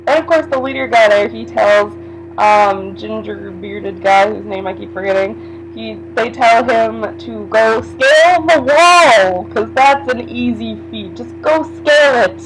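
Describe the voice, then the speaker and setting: A young woman recapping a TV episode in a casual vlog. She chats loosely, swears freely, says "like" a lot and breaks into excited exclamations. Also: fairly high pitch, a little slow, over music, rough recording. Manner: chatty, swearing, frequent "like", sudden excited exclamations. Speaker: TV episode reviewer.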